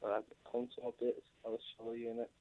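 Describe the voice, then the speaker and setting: Gravelly caller on a tinny phone line. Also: male voice, mid-range voice, monotone, fairly quick. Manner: slangy put-on tough street talk.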